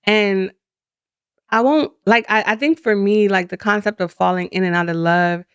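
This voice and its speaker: Smooth-voiced woman in candid chat. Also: mid-range voice, normal speed, dry recording, clean studio sound. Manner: animated, laughing, slangy and expressive. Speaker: podcast co-host.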